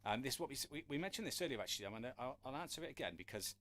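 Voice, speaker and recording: A man's voice: medium pitch, animated, rapid-fire, sharp tone, a little hiss or hum. A man teaching a live-streamed drum lesson, chatty and encouraging, urging viewers to ask questions. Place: room with a drum kit. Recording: drums and counting heard behind.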